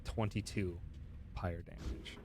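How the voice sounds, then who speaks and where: A man's voice: sits low, steady tone, slow, background noise. A man streaming a game, chatting casually and reading its text aloud. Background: game music.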